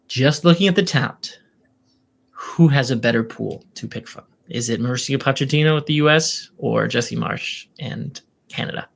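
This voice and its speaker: A man's voice: mid-range voice, vocal fry. A man hosting a podcast, running through player news in a casual, opinionated way with frequent ums. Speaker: podcast host. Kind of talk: casual soccer podcast talk.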